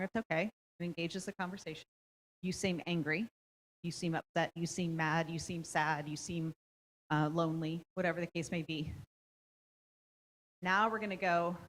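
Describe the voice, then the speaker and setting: Low-voiced woman teaching parents. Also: fairly bright tone, poor audio. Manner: explanatory, often checks in with "okay?". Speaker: parenting workshop presenter. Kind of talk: instructional presentation.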